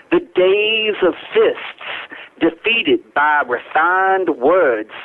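A man on a phone line reciting a poem as a brooding Southern man, in a Southern accent, with a slow, drawn-out delivery. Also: high voice. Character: brooding Southern man orating over bourbon. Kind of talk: poetry recital.

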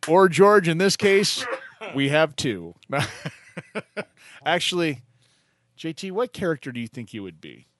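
A man hosting a radio show, chatting casually in a jokey, animated way and laughing often. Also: on the high side, slow, pauses often. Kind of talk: casual on-air chat.

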